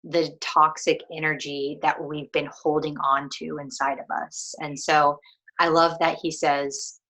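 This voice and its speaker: A young woman with a low, bright voice, reflecting on a book in a relaxed chat over a video call. She speaks slowly and thoughtfully, often pausing and restarting her sentences. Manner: thoughtful, many fillers and restarts. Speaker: co-host of a book discussion.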